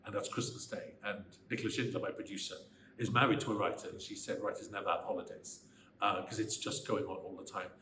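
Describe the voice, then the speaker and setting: A Welsh man in his sixties, a screenwriter answering interview questions in an animated, emphatic way that turns into bursts of ranting. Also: fairly low pitch. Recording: roomy echo, faint background noise.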